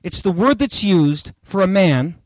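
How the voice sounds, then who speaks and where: A male preacher delivers an expository sermon with theatrical energy, joking with his congregation as he reads and explains. His voice sits high and swings widely in pitch. The recording is dry and close, with no room sound. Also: expressive, unhurried, no echo.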